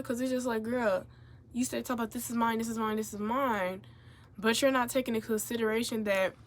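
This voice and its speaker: A young woman telling a story casually as she gets ready on camera, animated and profane, turning loud when she gets riled up. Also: fairly high pitch. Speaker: vlogger.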